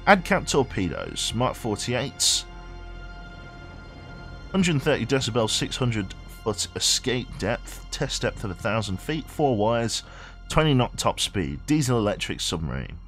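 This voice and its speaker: A man's voice: medium pitch, very animated, unhurried, a bit bright, soft background music. A man streaming a game in a rambling, chatty way, reading game text aloud and swearing offhand. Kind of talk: casual live game commentary.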